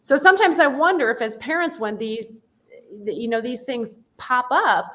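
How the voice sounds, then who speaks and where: A woman's voice: a little high, normal speed, bright, forceful tone. A woman hosting an interview, telling personal stories in an earnest, conversational way. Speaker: podcast host.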